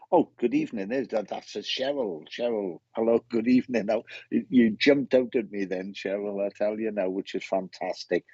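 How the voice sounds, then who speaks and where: Husky Welsh man, chatty medium. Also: medium pitch, a little mellow, dry recording, dull audio. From Wales. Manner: chatty, greeting viewers by name one after another. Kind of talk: live-stream greetings and mediumship reading.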